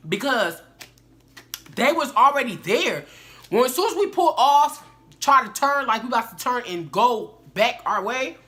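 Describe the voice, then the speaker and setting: A young woman tells a story straight to her viewers. Her bright voice swings up and down as she talks. She keeps it loose and slangy, calling her audience "y'all". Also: a little high, very animated, moderate pace. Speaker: vlogger. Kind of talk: casual storytelling to camera.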